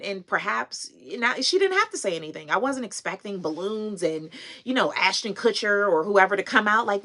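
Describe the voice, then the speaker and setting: A woman's voice: mid-range voice, sharp tone. Earnest woman telling a heartfelt story. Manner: earnest and heartfelt, with laughs and asides to viewers. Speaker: fashion and consignment vlogger. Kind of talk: emotional livestream storytelling.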